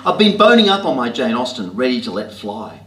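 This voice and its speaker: An Australian man reading his own comic writing aloud to an audience with a wry, deadpan, self-mocking delivery, in a library talk venue. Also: medium pitch, brisk. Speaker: author reading his work. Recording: roomy hall with faint ambience.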